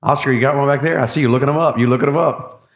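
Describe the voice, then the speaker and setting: A man's voice: mid-range voice, rapid-fire. A man leading a church class, folksy and encouraging, asking the room for verses. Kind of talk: interactive sermon.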